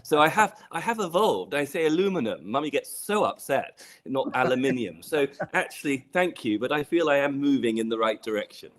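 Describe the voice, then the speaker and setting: A man with a British accent turning slightly transatlantic, a panel guest talking in a quick, self-mocking way. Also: medium pitch, animated. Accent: British, now slightly transatlantic. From Britain. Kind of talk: casual panel talk.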